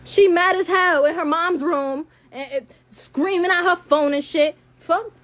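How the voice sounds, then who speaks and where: A woman's voice: very high voice, measured pace, a bit bright. An eighteen-year-old woman in a heated, profane livestream rant into her phone, hurling insults.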